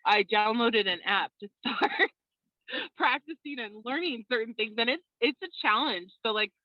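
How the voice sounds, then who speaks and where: A woman tells her story over a video call, animated and quick to laugh. The audio is a little dull and lo-fi, with a dry, close sound and no room around it. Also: on the high side, no echo. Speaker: interview guest. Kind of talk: casual video call chat.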